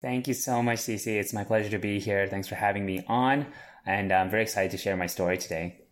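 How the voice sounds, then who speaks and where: A man's voice: lowish voice, fairly even intonation, a little fast. A man in his thirties, a chef and business owner, answering interview questions earnestly with frequent restarts.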